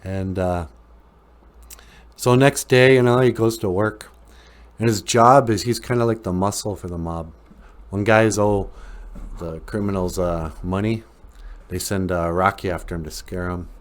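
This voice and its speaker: Slightly slow and low-voiced, a male podcast host pauses frequently as he rambles through a story. His manner is easygoing, with plenty of fillers and chuckles.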